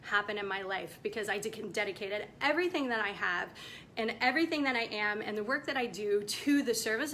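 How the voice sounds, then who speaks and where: Woman, 40s, motivational coach, bright forceful tone, slightly high, faint rumble under it. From United States. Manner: emphatic, passionate, preachy. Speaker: women's coach. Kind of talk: direct-to-camera motivational talk.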